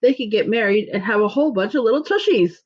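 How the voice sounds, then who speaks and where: A woman's voice: fairly high pitch, lively intonation, quick pace, husky, voice pushed up. A joking, upbeat storybook father full of playful teasing, as a woman reading aloud gives him voice. The recording is dull and lo-fi. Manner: jokey, upbeat.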